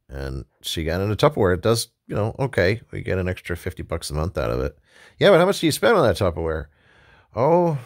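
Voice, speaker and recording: A woman doing slow mumbling hapless husbands. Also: very deep voice, no echo, clean studio sound, full character voice. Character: dim, hapless 1980s husbands chatting.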